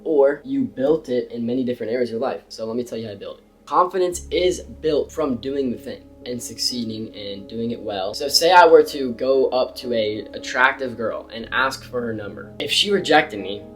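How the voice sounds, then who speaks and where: A young man giving casual, emphatic advice to camera about confidence and speaking, with slangy, animated delivery. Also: mid-range voice, normal speed, hardly any pauses, soft background music. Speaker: self-improvement creator. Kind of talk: casual motivational talk to camera.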